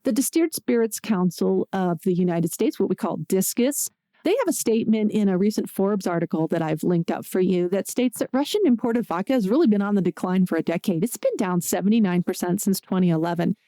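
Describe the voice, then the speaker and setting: A woman's voice: medium pitch, animated, fairly quick, dark tone, no room sound, clean studio sound. A woman from Pittsburgh hosting a solo podcast, talking in a chatty, conversational way with jokey asides. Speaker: podcast host.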